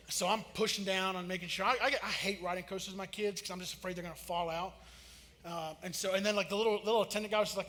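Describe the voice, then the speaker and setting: A man, preaching and telling a story, acting out quotes with big swings in loudness. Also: high-pitched, fast, slight background noise. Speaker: pastor. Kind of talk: sermon storytelling. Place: church auditorium. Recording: church hall reverb.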